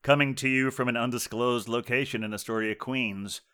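A man's voice: mid-range voice, fairly even intonation, normal speed, sharp tone, smooth. Rambling male podcast host. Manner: rambling, many fillers and restarts. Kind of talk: casual podcast chat. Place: home, remote call.

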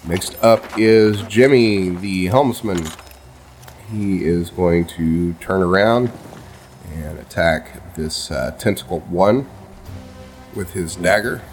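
A man narrating a tabletop game as game master, halting, with many ums and uhs. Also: low-pitched, slight background noise.

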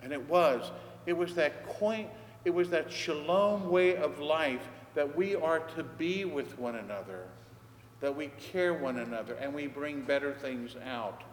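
Older priest preaching in an echoey hall. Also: male voice, fairly high pitch, unhurried. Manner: conversational storyteller, acting out dialogue. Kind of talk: storytelling sermon. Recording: echoey church hall, faint background noise.

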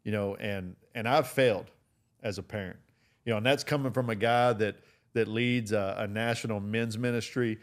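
A man's voice: on the low side, steady tone, normal speed. A man co-hosting a faith podcast who asks questions and tells stories in a casual chat. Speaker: podcast co-host, men's ministry leader.

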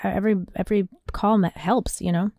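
A woman's voice: medium pitch, steady tone, fairly quick, mellow, no room sound, studio quality. A woman hosting a podcast in casual chat, talking loosely with fillers and reading listener emails aloud. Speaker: podcast host.

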